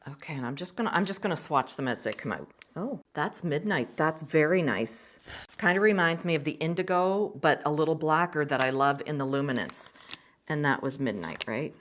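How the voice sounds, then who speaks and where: A middle-aged woman hosts a casual art vlog, chatting with enthusiasm and murmuring to herself while she tests pencils and paint. Her voice sits low, a bit bright, with lively intonation and a moderate pace.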